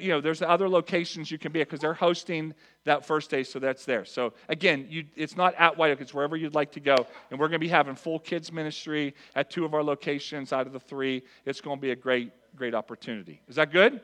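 A man's voice: fairly high pitch, steady tone, a little fast, few pauses, fairly bright tone. A pastor giving church announcements in an earnest, conversational way, speaking directly to his congregation.

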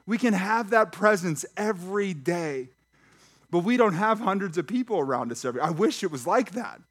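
A pastor preaching a sermon in church, lively and talking straight to the congregation with questions and jokes. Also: male voice, sits high, moderate pace. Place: church sanctuary.

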